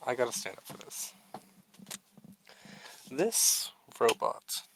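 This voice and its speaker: A man's voice: mid-range voice, very animated, slow, creaky, background noise. A man co-hosting a casual, unedited podcast chat. He swears freely, laughs at himself and launches into mock-grandiose tributes. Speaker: podcast co-host.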